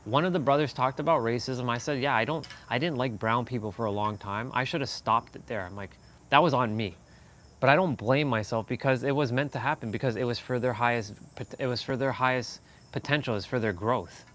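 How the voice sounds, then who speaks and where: A man's voice: medium pitch, a little fast, a little hiss or hum. Rambling Canadian-raised man on a live stream. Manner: rambling, animated, laughs often. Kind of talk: casual live-stream chat.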